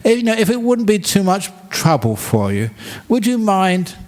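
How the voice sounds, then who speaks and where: A man voicing a poor, foolish, excitable male farmer in a told story, raising his voice high to plead or bark. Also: normal speed. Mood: pleading, fawning. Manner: high, pleading and fussy, or loud and shouting.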